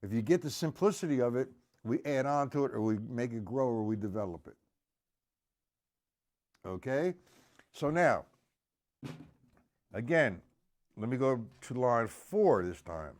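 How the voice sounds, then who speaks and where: Gruff drum teacher counting beats. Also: male voice, mid-range voice, animated, a little slow, pauses often. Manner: counts beats aloud loudly, gruff asides and mild swearing. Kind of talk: live-streamed drum lesson.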